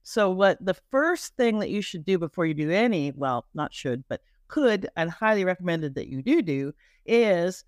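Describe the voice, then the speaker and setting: A middle-aged Canadian woman with a Canadian accent speaks emphatically as a marketing coach in a podcast interview, restarting and repeating herself. Her lowish voice has lively intonation at a moderate pace, in a dry, studio-quality recording.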